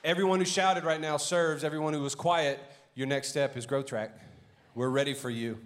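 A man's voice: on the high side, fairly even intonation, normal speed. Rallying Cajun pastor man. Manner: loud, rallying the congregation. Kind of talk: energetic church announcements.

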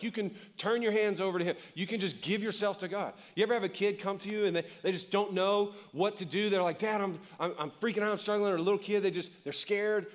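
A middle-aged male pastor preaching a conversational sermon, joking and acting out short voices. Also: high-pitched.

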